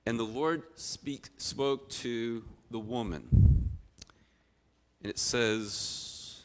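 A middle-aged man, a pastor, preaching a sermon with expressive storytelling that swings from loud to quiet. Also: medium pitch, moderate pace.

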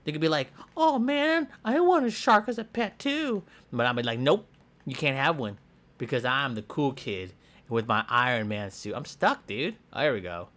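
A man's voice: mid-range voice, normal speed. Bob, a man voicing a hyper boastful schoolboy. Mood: playful. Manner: excitable, goofy, jumps between squeals and mutters. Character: hyper boastful schoolboy hero with a pet shark. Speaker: gameplay voice actor. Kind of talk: comedic game voiceover.

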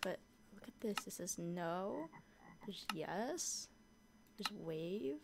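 A young woman chatting casually through a modded block-building game, easily scared and quick to shriek at monsters. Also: medium pitch, big pitch swings, creaky, noisy background. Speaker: gaming YouTuber. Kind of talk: casual gameplay commentary.

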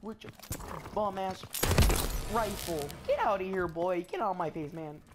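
A man giving excitable, slangy, trash-talking commentary over his gameplay. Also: sits high, moderate pace, heavy background noise. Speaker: gamer. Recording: loud gunfire from the game behind. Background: game gunfire and effects.

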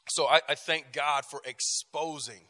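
Male class teacher, emphatic and repetitive, forceful bright tone, church room with long reverb. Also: fairly high pitch, steady tone, measured pace. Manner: emphatic, repeats phrases and restarts often. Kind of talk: lively class talk with personal stories.

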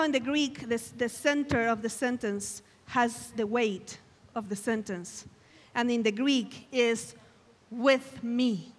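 A woman's voice: fairly high pitch, fairly bright tone, long reverb tail. A woman preaching a sermon at a camp meeting, emphatic and exclamatory, acting out quoted lines with dramatic flair. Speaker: guest preacher. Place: large hall at a camp meeting.

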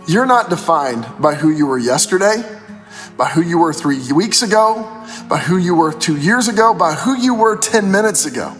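A man with a high voice delivers a casual pastor's devotional, retelling scripture in everyday slang. The sound carries a long hall reverb. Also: lively intonation, moderate pace, fairly bright tone, faint music behind.

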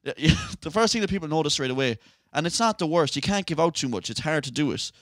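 A man's voice: fairly high pitch, animated, fast talker, a bit bright, no room sound, clean studio sound. An Irish man co-hosting a podcast, chatting casually with swearing and laughter. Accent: Irish, west of Ireland. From Ireland. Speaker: podcast co-host. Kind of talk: casual chat.

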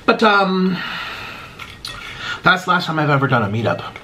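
A man's voice: fairly high pitch, sing-song, moderate pace, noisy background. An American man rambling casually to his viewers while eating, often stopping and restarting his sentences. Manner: rambling, self-interrupting, chatty. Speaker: mukbang YouTuber. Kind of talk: casual eating vlog chat.

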